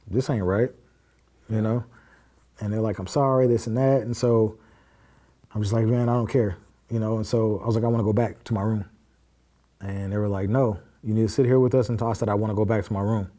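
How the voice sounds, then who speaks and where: A man's voice: on the low side, warm tone. A man, a podcast guest, casually recounting a personal story and acting out the quoted dialogue in plain, blunt words. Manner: acts out quoted dialogue while recounting events; plain-spoken, with frequent fillers and curse words.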